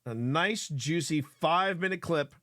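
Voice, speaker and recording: A man hosting a live show, reacting to clips in excitable, rambling commentary full of repeated words and swearing. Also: fairly high pitch, unhurried, heavy background noise.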